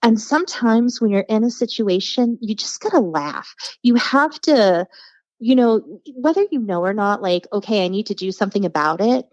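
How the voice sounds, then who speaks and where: A woman's voice: medium pitch, moderate pace, no room sound, highs cut off. A woman telling stories as a podcast guest in casual chat, acting out the voices of people she quotes. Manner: animated storyteller, acts out quoted voices.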